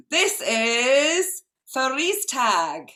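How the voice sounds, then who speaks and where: Woman hosting online improv, higher voice, very lively pitch, chatty, laughing. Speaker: improv host. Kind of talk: online improv comedy show.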